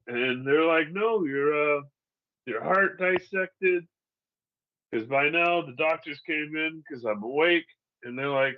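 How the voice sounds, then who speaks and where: A man's voice: a little high, expressive, slow pace, long pauses, muffled recording. A man in his forties from Seattle, candidly telling his own survival story in casual, profane storytelling, laughing through the hard parts. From Seattle, United States. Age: 40s.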